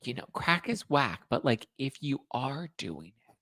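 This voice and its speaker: A man's voice: mid-range voice, sing-song, unhurried, a bit bright, dry recording, pitched above the performer's own voice, exaggerated voice. A man voicing a doting, permissive middle-aged mother who talks in a sweet, coaxing way.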